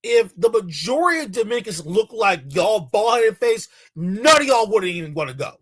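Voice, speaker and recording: High-voiced bright man ranting mockingly. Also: sing-song, moderate pace. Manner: mocking, repetitive, heated delivery. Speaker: commentary channel host. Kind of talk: ranting reaction commentary.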